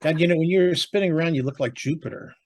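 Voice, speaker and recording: A man's voice: a little high, quick pace. A man co-hosting a podcast, teasing his partner with dry banter in casual chat. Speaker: podcast co-host.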